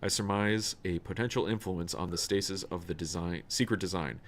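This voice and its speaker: A man reading aloud the cryptic lines of a solemn male tech-priest from a video game, in a slow recitation. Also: low voice, steady tone, close to an everyday voice.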